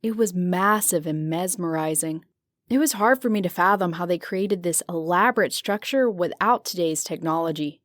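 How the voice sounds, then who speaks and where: A woman narrating a horror audiobook in the first person, measured and descriptive. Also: on the low side, no echo, studio quality. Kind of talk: scripted narration.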